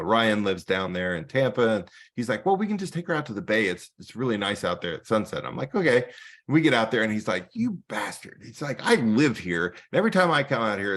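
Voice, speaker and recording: Photographer guest speaker, male, lowish voice, chatty storyteller who acts out quotes. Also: a bit bright. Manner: storytelling with acted-out dialogue. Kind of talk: casual presentation.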